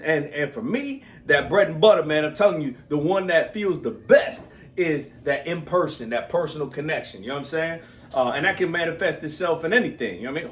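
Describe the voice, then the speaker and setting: Fast-talking guy in his 30s, slightly high voice, upbeat motivational rambling, keeps saying you know what i'm saying. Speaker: motivational host. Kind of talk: casual motivational monologue.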